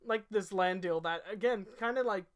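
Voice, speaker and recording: In this casual podcast chat, the young male co-host speaks at a normal speed, his voice sitting high with a fairly bright tone. He laughs a lot and keeps things easygoing, restarting often and filling gaps as he sums up his notes.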